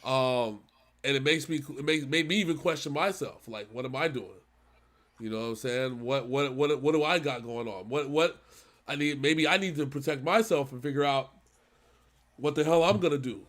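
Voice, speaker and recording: A man in his thirties co-hosting a reaction channel, talking earnestly and haltingly with many restarts. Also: on the high side, animated, fairly bright tone. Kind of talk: emotional casual talk.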